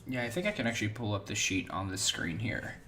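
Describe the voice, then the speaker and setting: A man's voice: lowish voice, very animated, fast talker, bright, forceful tone. A man playing a tabletop game and running the stream, talking casually and hesitantly while distracted by setup. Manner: distracted, hesitant with many ums. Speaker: player and stream host. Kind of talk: casual tabletop play chat.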